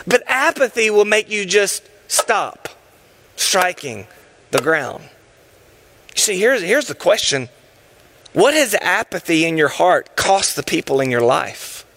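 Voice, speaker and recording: A male preacher delivers a sermon with emphatic, urgent passion. His voice sits high and sounds bright and forceful. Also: very animated, slow pace.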